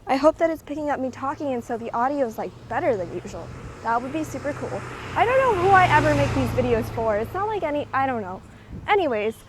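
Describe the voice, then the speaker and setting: A woman's voice: high-pitched, big pitch swings, fast, slight background noise, rough recording. A young woman rambling in a chatty walking vlog, full of fillers and a little out of breath from walking outdoors. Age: young adult. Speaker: vlogger. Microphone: handheld recording device with clip mic.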